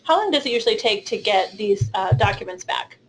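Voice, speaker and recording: A woman's voice: medium pitch, animated, a little fast, a little hiss or hum, poor audio. A woman hosting a webinar, putting brief practical questions to a guest. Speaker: webinar host.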